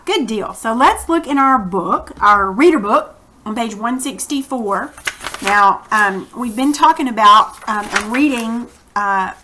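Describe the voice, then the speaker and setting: A woman teacher reads aloud to her class at a slow, careful pace. She stops to explain words along the way. Her voice sits fairly high and sounds bright and crisp. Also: a little hiss or hum. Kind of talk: reading a story aloud to students.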